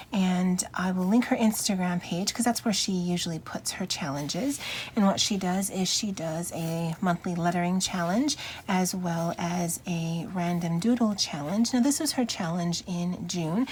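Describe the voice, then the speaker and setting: Chatty woman vlogger, slightly low voice. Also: slight background noise. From Hawaii. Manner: chatty, frequent fillers and soft laughs. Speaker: planner vlogger. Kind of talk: casual show-and-tell. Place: home desk.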